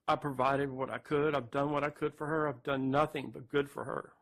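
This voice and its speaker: A distraught man, speaking haltingly to camera near tears and repeating himself. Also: mid-range voice, little pitch movement, a bit bright. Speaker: man recording a farewell video. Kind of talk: emotional direct-to-camera confession.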